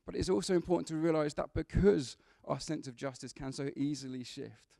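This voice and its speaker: A man's voice: on the high side, brisk, gravelly, mellow, dry recording, clean studio sound. A man preaching a sermon in a church, conversational, with humorous asides to the congregation.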